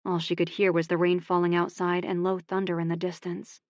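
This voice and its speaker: A woman narrating a romance audiobook in a calm, even voice on a close studio mic. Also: fairly low pitch, brisk, no echo.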